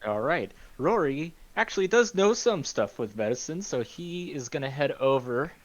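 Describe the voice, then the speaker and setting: A man's voice: on the high side, sing-song, moderate pace, dry recording, lo-fi sound. Guy in a tabletop game saying what his character does, dry close mic. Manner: plain, describing his character's actions. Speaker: player. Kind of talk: casual tabletop game chat.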